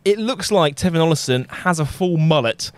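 A man's voice: fairly high pitch, expressive, normal speed, clear, resonant tone. A man chatting on a podcast, amused and laughing often. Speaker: podcast host. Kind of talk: podcast chat.

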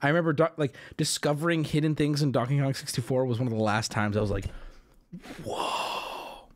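A man casually commenting on viewer clips on a live stream, crude and quick to laugh. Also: mid-range voice, steady tone. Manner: crude, joking, laughs often.

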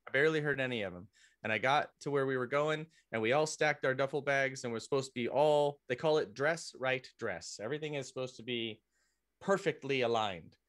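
A man's voice: medium pitch, a little fast, a bit bright. A man, a guest on a podcast interview, telling a long story casually, often restarting his sentences and joking at his own expense. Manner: rambling, with frequent restarts and self-corrections. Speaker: podcast guest, military veteran.

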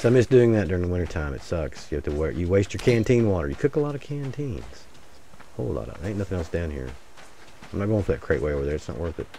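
A low-voiced man with a drawl, chatting through a solo survival game. His pitch swings widely, dropping into mutters and jumping up when excited. Faint noise sits under a plain desk mic. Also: fast, gravelly. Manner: rambling, jokey, mutters asides to viewers. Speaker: gaming channel host. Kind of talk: casual solo gameplay commentary.

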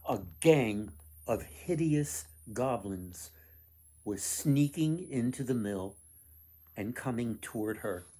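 A man reading a folktale aloud to children, expressive with dramatic pauses. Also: medium pitch, slightly rough. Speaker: author reading his book. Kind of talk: storybook read-aloud.

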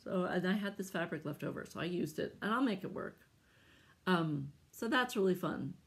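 A middle-aged American woman chatting casually to camera about her stitching, husky and congested from allergies, laughing often between asides. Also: lowish voice, animated, normal speed. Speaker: cross-stitch vlogger. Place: at home, indoors.

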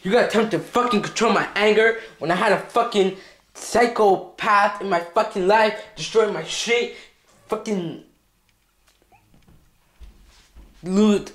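Volatile young hothead played by a man, sweary and repetitive, high-ish voice, roomy echo. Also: moderate pace, fairly bright tone. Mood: ranting. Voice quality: constant swearing, ranting and repeating himself. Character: volatile, foul-mouthed troubled young man. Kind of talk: comedy skit acting. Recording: echoey room.

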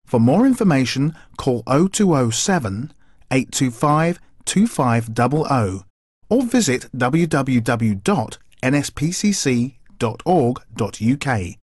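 A man's voice: mid-range voice, sing-song, measured pace, darkish tone, husky, dry recording, clean studio sound. A man with a British accent, a voice artist reading ads and narration in a cheerful announcer delivery. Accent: British English. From Britain.

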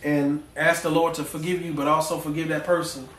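A male pastor preaching a folksy, animated sermon full of slang, drawing responses from the congregation. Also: a little high, brisk. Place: church sanctuary. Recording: echoey church room, mic at a distance.

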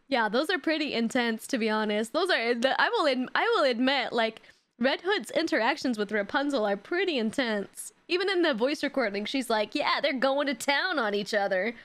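A young woman streamer giving animated, giggly, joking reactions to a game. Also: high voice, normal speed.

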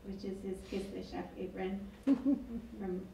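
A woman's voice: medium pitch, slow pace, gravelly, mellow, distant mic, a little hiss or hum. Woman reading aloud in an echoey hall. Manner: wry, chatty storytelling. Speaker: author reading her work. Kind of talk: public reading with asides. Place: event hall. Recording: echoey hall, mic from afar.

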